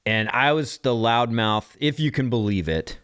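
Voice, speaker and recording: A man's voice: mid-range voice, expressive, fairly bright tone, smooth, no echo, studio quality. A man, a podcast co-host, chatting casually and cracking jokes. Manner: joking, quick reactions and laughs. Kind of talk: casual chat.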